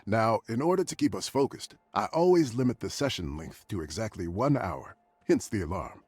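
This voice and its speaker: A man voicing a therapist character in a video game, calm, measured and formal. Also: lowish voice, slightly rough, no echo. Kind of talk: scripted video game dialogue.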